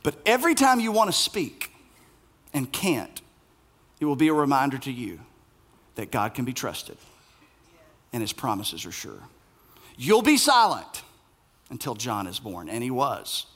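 A man preaching a sermon as pastor, animated and playful, acting out the voices in the story. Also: medium pitch, a little slow, pauses often.

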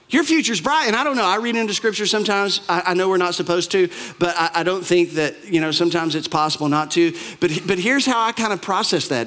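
High-voiced man preaching a lively sermon. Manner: animated storytelling, acts out quoted lines. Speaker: pastor.

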